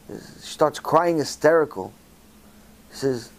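Man, 40s, religious storyteller, animated, acts out dialogue, fairly high-pitched. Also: slow pace, pauses often. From Israel. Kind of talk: storytelling Torah talk.

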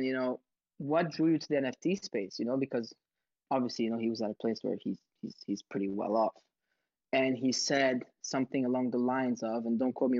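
A man hosting audio rooms, telling stories in a rambling, excitable way and acting out sounds. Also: medium pitch, no room sound. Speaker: host of social audio rooms. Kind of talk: casual storytelling answer. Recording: dull, dry audio.

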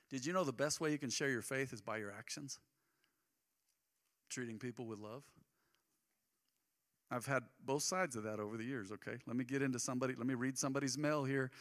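Man, pastor, sermon, bright ringing voice, church hall reverb, emphatic then hushed. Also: medium pitch, brisk, pauses often. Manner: impassioned, swinging between loud emphatic lines and quiet asides. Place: church sanctuary.

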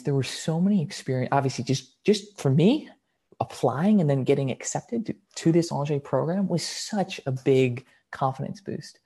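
Young guy telling a story on a podcast, gets all excited and loud at parts, super casual. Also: fairly high pitch. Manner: animated, excited storytelling with quick bursts. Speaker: podcast guest, alumnus.

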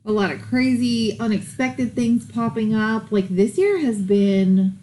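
A woman's voice: a little high, unhurried, dark tone, a little hiss or hum, low-quality recording. A woman co-hosting a podcast in casual chat, frank and talkative, swearing and laughing easily. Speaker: podcast co-host.

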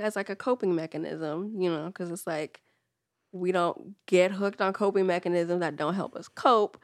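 A young woman, a grad student, chatting as a podcast guest in a relaxed, slangy way, swearing freely and trailing into mumbles on asides. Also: lowish voice, normal speed, no room sound. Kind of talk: casual conversation.

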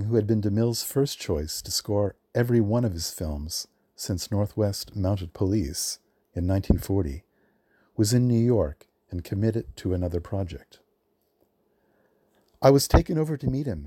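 Male storyteller, low and mellow, slightly husky; reads a scripted film history, close dry mic. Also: no echo. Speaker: film librarian guest. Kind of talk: reading a prepared film history.

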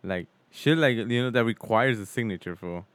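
A man chats with a friend, laughing often and slipping in teasing remarks. His pitch moves around a lot, up and down. The recording is dry and close. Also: animated, moderate pace, a bit bright, no room sound. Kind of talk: casual chat.

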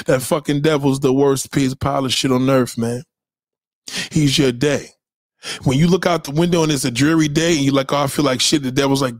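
A man's voice: medium pitch, moderate pace, no room sound, studio quality. A man ranting on a livestream in a heated, preachy way, swearing constantly and repeating his points. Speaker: livestream host. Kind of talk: profane motivational rant. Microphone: home webcam mic.

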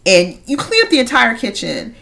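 A woman in her thirties, a podcast co-host in casual chat, telling lively stories and acting out quotes with frequent laughter. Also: a little high, normal speed, gravelly. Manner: animated storyteller, acts out quotes, frequent laughter.

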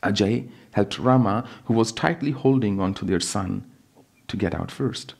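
A spiritual teacher reading his own book aloud in a calm, measured storytelling manner. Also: lowish voice, gravelly, slightly rough.

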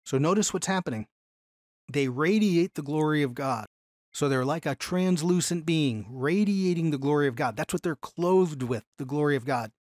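Guy teaching bible class, kinda high voice, dry close sound, slows way down on key bits. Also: darkish tone, dry recording.

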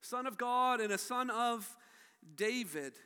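A man preaching a sermon as a pastor, emphatic, his voice swinging from soft to loud. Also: very high-pitched, expressive, slow, clear, resonant tone, long reverb tail.

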